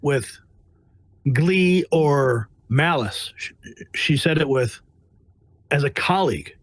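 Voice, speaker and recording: A man's voice: a little high, lively intonation, slow, long pauses, no echo, rough recording. A man speaking as a White House press correspondent, telling his stories bluntly and emphatically, acting out the voices of the people in them. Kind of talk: animated interview storytelling.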